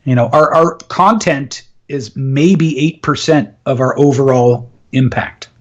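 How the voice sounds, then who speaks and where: A man's voice: mid-range voice, a little slow, lo-fi sound. A man speaking as a public speaking coach in a casual live interview, emphatic and instructive. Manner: emphatic, explains with instructive asides.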